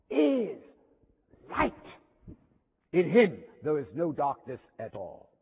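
A man preaching a sermon in a chapel, emphatic, with dramatic pauses and sudden drops to a hush. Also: high voice. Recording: thin phone-like sound with long hall reverb.

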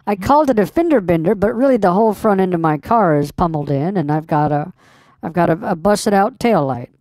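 A woman's voice: fairly low pitch, expressive, fairly quick, a little mellow, no room sound, lightly acted. A woman playing a tipsy, reckless mother who rambles and trails off, unbothered, in a scam-bait call. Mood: carefree. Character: tipsy reckless mother, middle-aged, carefree.

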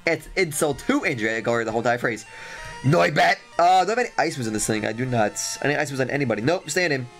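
A young man giving excitable, trash-talking game commentary as a let's play host, repeating his lines. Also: mid-range voice, very fast, creaky, faint music behind.

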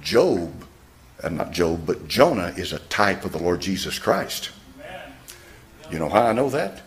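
A man's voice: low voice, very animated, a little slow, slight background noise. A man preaching a sermon in a church, firing rhetorical questions at his congregation. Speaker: pastor.

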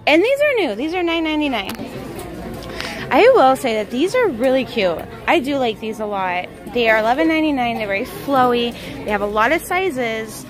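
A woman's voice: sits high, very animated, low-quality recording. A young woman on a casual shopping vlog, chatting and rattling off prices, filmed on a handheld camera in a large store. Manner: chatty, reads out prices quickly. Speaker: vlogger. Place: large store with loud music. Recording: loud store music behind.

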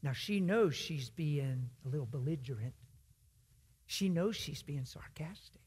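A man's voice: a little high, lively intonation, measured pace, darkish tone, slightly rough. A man preaching in a church, telling a story in an earnest, conversational way. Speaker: guest preacher. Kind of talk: storytelling sermon.

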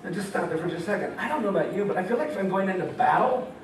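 A young man preaching casually in a high, lively voice, joking and acting out the characters as he reads scripture. He sounds far from the mic in a very echoey hall, with faint background noise. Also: very fast. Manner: animated, jokey, acts out voices of God and Gideon. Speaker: campus ministry speaker. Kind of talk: casual sermon with scripture reading. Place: meeting hall.

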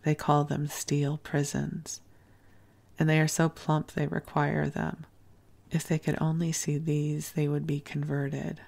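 A woman reading the lines of a naive, admiring male foreign minister, in a gentle, soft-spoken way. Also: low-pitched, completely flat delivery, takes it slowly, gravelly, exaggerated voice.

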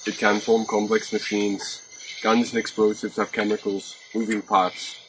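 A young man playing a calm cyborg, explaining things in a flat, matter-of-fact way. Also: on the low side, measured pace, close to an everyday voice. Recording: distant mic with clear noise.

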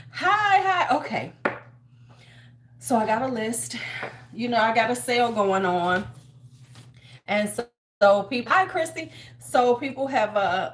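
A woman's voice: a little high, a little hiss or hum. Chatty woman hosting a home livestream. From United States. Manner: chatty, greets viewers by name, talks to herself while busy. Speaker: beauty livestream host. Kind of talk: casual livestream chat. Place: home in winter.

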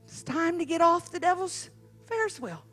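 A woman evangelist preaching a sermon as a dramatic story, swinging from hushed telling to emphatic shouting. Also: extremely high pitch, lively intonation, moderate pace, soft background music.

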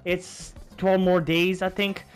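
A man giving casual gameplay commentary, profane and excitable, trash-talking as he plays. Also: sits high, takes it slowly. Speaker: gaming channel host. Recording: game music behind.

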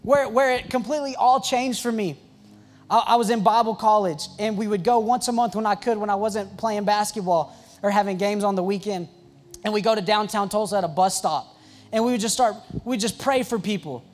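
Very high-voiced young man preaching. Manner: excitable and joking, with quick asides and restarts. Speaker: youth pastor. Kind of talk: storytelling sermon.

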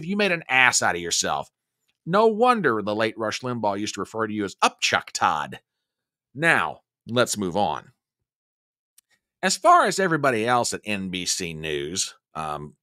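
A man's voice: medium pitch, bright, forceful tone, dry recording, studio quality. A man hosting an opinion show, delivering pointed, combative commentary with emphatic repetition. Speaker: host.

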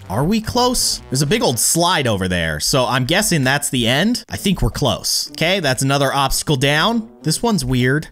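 A man giving excitable let's-play commentary as a gaming YouTuber, pleading with the game and cheering on a teammate. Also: a little high.

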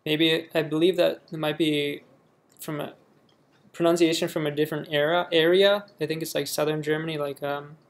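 A man's voice: a little high, fairly even intonation, moderate pace. A young man from the United States casually reading a word list aloud and reacting offhandedly in a vlog. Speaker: vlogger.

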